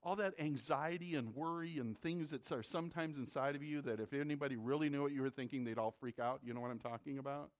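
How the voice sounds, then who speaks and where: A man's voice: mid-range voice, fast, hardly any pauses. A man from the Midwest preaching a sermon as a pastor, in a conversational way that repeats words when he presses a point.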